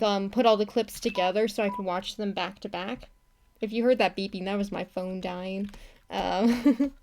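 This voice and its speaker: A young woman from the United States chats casually while she works on an animation, her voice sitting a little high. She talks in a loose, rambling way, laughing often and restarting her sentences. Keyboard typing can be heard now and then behind her. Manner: chatty and giggly, with frequent laughs and self-corrections. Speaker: animator streaming her work. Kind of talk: casual live-stream chat while drawing.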